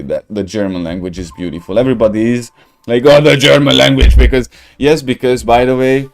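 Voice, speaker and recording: A gaming streamer offers casual gameplay commentary, rambling, joking, laughing often, and searching for words. His voice is fairly low, mellow, clear, and resonant.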